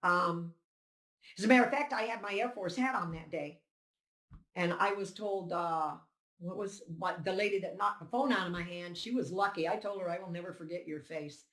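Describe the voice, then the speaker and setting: An older woman on the low side of pitch, with a fairly bright tone and normal speed, tells an interviewer indignantly and emphatically what happened when she challenged a poll. She performs the dialogue as she recounts it, and the room echoes noticeably.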